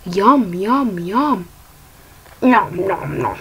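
A woman's voice: fairly high pitch, big pitch swings, takes it slowly, breathy edge. A woman hosting her own gaming video, talking playfully and chanting silly sound effects as she plays. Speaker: gaming channel host. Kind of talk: casual gameplay commentary.

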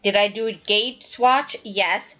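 A woman's voice: mid-range voice, takes it slowly, bright, forceful tone, lo-fi sound. A woman hosting a knitting podcast, chatting casually and rambling as she shows her work to the camera, often correcting herself mid-sentence.

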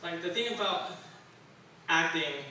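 A man's voice: fairly high pitch, expressive, unhurried, bright, forceful tone, slight background noise. A young man from Taiwan doing a stand-up comedy set, rambling and self-deprecating with lots of fillers, on a club stage. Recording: very echoey room, distant mic.

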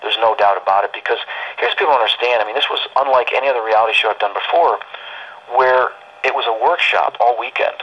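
A man's voice: mid-range voice, quick pace, a bit bright, husky. A man telling a personal story in a casual, rambling, emotional way, full of restarts, on dull lo-fi audio.

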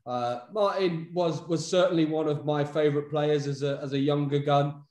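A man's voice: a little high, steady tone, moderate pace, a little mellow. A man hosting a casual chat, hesitant and often repeating his words as he goes. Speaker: podcast host. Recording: roomy echo.

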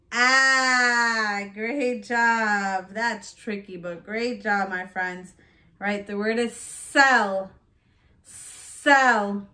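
Slow, bright-voiced woman teaching phonics. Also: on the high side. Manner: slow, clearly sounded-out words with cheerful praise. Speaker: preschool teacher. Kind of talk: phonics lesson for young children.

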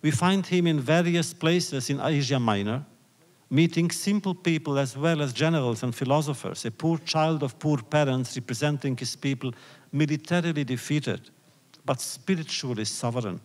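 A man giving a public lecture, retelling old rabbinic stories in a slow, deliberate, reflective way. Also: on the high side. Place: lecture hall. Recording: long hall reverb.

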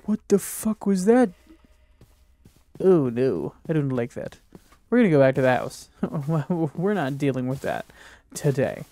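A young man giving casual, self-mocking commentary as he plays a video game, swearing often and reacting loudly. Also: on the high side, expressive, measured pace, pauses often, no echo. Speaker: gaming YouTuber. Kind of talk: casual let's-play commentary.

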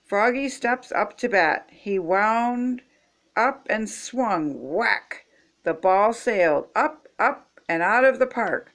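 An older woman reading picture books aloud expressively, stopping to chat with young viewers. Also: mid-range voice. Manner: slow, expressive, chatty asides to young viewers. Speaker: storybook reader.

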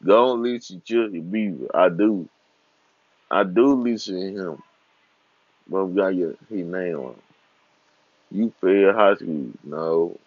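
A man's voice: low-pitched, a little slow, long pauses, no echo. A man in his twenties on a casual, profane rant, trash-talking and swearing freely. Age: 20s. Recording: dull lo-fi recording.

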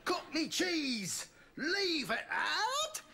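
An actor playing a nervous, stammering advertising executive in a sitcom. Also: male voice, very high-pitched, wildly swooping pitch, extremely slow, very noisy, heavily acted. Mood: flustered. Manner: stammering, hesitant. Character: nervous, flustered male ad executive. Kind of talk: sitcom acting.

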